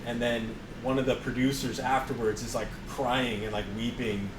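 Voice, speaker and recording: A man's voice: mid-range voice, level tone, normal speed, noisy background. A man co-hosting a podcast in casual chat, laid-back, wrapping up the show. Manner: laid-back, retells film scenes. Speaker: podcast co-host.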